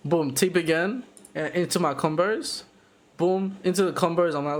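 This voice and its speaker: A young man talks through his own fight footage in a loose, excited way, tossing in slang and punchy sound effects. His voice sits a little high for a man, and he often trips and restarts mid-sentence. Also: brisk. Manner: excited, slangy, full of 'boom' and 'bro', many restarts. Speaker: amateur Muay Thai fighter narrating his fight footage. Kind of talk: casual fight breakdown commentary.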